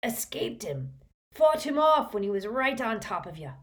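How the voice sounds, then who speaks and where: A woman's voice: a little high, big pitch swings, moderate pace, voice pushed up. A woman voicing a big, blunt, growling giant man in a storybook reading. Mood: gruff.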